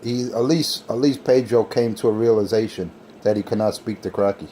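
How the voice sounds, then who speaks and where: A man's voice: fairly low pitch, fairly quick, heavy background noise. A man on CB radio, scornfully picking apart a rival's equipment and skills. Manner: scornful, technical put-downs. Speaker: CB radio operator. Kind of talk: on-air radio banter.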